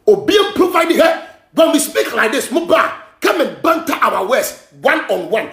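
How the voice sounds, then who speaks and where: On his gossip show, this Ghanaian host scolds and rants in fiery commentary, frequently shouting and moving back and forth between English and Twi. He speaks at a normal speed in a very high, sing-song, creaky voice, with reverberation around it.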